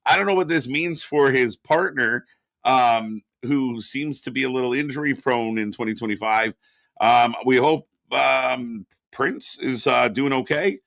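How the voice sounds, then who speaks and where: A man's voice: medium pitch, unhurried, vocal fry, fairly bright tone, no echo. A man co-hosting a live wrestling watch-along stream, chatting casually, laughing often and greeting chat viewers by name.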